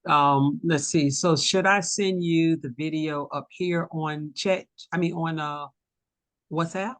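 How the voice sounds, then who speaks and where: A speaker with a Southern US accent, talking casually on a video call, relaxed and chatty with frequent laughs. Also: mid-range voice, takes it slowly, dry recording. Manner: relaxed, chatty, laughs often, restarts sentences. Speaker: teacher selling an online course.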